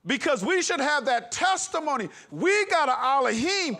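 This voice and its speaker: A man's voice: very high-pitched, expressive, normal speed, sharp tone. A man preaching a sermon with an impassioned, emphatic delivery, breaking into laughs. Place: congregation hall.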